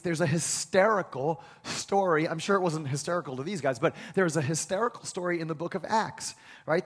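Guy preaching in a big echoey hall, high bright voice, gets loud and punchy. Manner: rising to emphatic peaks, repeats key phrases. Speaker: pastor. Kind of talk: sermon. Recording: long hall reverb.

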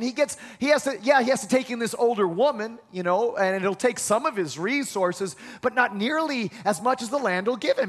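A man's voice: extremely high pitch, fairly bright tone, long reverb tail. A male pastor preaching a sermon in a conversational way, with acted-out asides, in a church sanctuary.

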